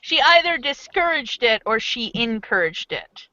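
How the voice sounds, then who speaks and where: Smooth-voiced excitable woman game master. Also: a little high, a little slow, dry recording, dull audio. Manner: chatty and excitable, many fillers. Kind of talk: casual chat planning a tabletop game.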